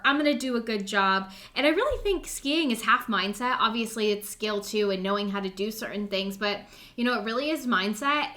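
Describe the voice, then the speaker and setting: A woman's voice: a little high, sharp tone. A young woman co-hosting a podcast, telling a story in an upbeat, chatty way, full of "like" and acted-out quotes. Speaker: podcast co-host. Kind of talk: casual storytelling chat.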